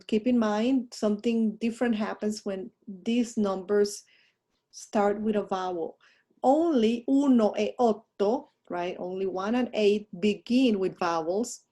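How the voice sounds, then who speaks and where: Mellow-voiced woman teaching a lesson. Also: medium pitch. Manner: talks through a screen while fumbling with her mouse, chatty asides. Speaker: language teacher. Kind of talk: recorded online lesson with slides.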